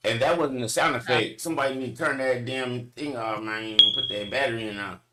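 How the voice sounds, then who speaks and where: A man's voice: mid-range voice, steady tone, brisk, noisy background. A man joking around with his co-hosts in a casual group chat, repeating himself to get a word in.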